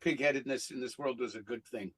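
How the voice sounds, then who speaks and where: A man who works as a voice actor telling stories in a casual interview, animated and laughing as he acts out what people said. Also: mid-range voice, brisk, low-quality recording. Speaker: voice actor guest.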